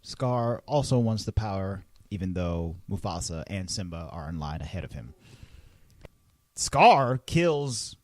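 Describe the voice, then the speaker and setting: A young man co-hosting a casual podcast chat, thinking out loud with restarts. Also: low-pitched, measured pace, no echo. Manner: animated, thinks aloud with restarts. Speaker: podcast co-host.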